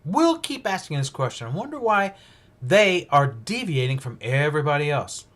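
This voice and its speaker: Male host, slightly high pitch, rambling unscripted livestream preacher, thinks out loud. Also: very animated, moderate pace. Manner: rambling, thinking aloud, frequent restarts and fillers. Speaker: preacher hosting a livestream Bible study. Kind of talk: casual livestream Bible teaching.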